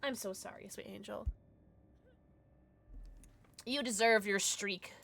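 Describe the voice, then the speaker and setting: A woman's voice: mid-range voice, takes it slowly, creaky, fairly bright tone. A young adult woman streaming from home, chatting casually and gushing at her chat with sudden squeals.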